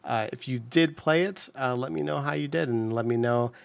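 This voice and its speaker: A man's voice: mid-range voice, moderate pace, vocal fry, clear, resonant tone, no echo. A man hosting his puzzle channel, chatting casually and upbeat as he solves, with lots of fillers and restarts. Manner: rambling, upbeat, many fillers. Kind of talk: casual commentary while solving.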